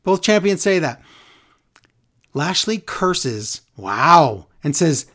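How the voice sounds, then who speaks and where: Podcast co-host, woman, casual chat, expressive wide-ranging voice, disbelieving asides. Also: low-pitched. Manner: animated, incredulous, does quick impressions. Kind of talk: casual wrestling recap chat.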